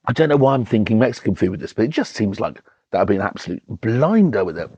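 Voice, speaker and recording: A man's voice: lowish voice, very animated, quick pace, warm tone, husky, no echo, highs cut off. A man hosts a casual wine tasting, talking enthusiastically with lots of ums and restarts. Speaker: wine reviewer and show host.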